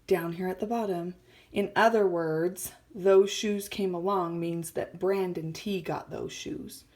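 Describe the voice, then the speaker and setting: A woman's voice: lowish voice, fairly even intonation, measured pace, a little mellow. A woman teacher reading a story aloud to children, explaining words and often dropping to a whisper. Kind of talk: read-aloud lesson for children.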